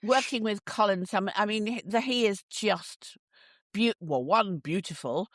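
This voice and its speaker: A woman's voice: mid-range voice, a little slow, no room sound, studio quality. A woman from the English Midlands hosting a casual chat. She laughs often and acts out little quotes. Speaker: host.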